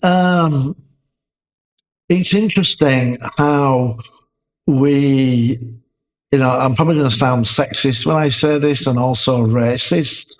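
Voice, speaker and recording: A man's voice: mid-range voice, slow pace, slight background noise, low-quality recording. A man co-hosting a podcast as a leadership expert, talking casually with fillers and restarts. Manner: conversational, many fillers and restarts.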